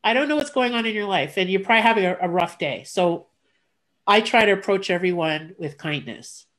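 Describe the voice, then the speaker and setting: A woman's voice: mid-range voice, a little fast. Candid chatty woman telling a story. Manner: candid, animated retelling with quoted voices, blunt. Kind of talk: casual conversation, personal storytelling.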